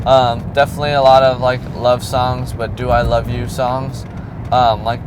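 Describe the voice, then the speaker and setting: A man's voice: mid-range voice, fairly even intonation, normal speed. A young man casually reviewing an album, rambling, with many ums and likes, outdoors near a street. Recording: clear street and traffic noise.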